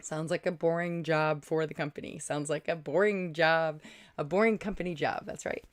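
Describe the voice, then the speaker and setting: A woman's voice: sits low, fairly even intonation, moderate pace, dry recording. A woman hosting a casual livestream, chatting, thinking aloud and thanking viewers by name. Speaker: livestream host. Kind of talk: casual livestream chat reading viewer comments.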